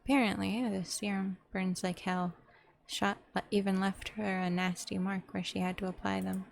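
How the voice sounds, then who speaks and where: A woman voicing a blunt, quick-tempered bartender who stammers and rants, reading a story game aloud. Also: medium pitch, flat delivery, gravelly, a little hiss or hum, close to an everyday voice. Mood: somber.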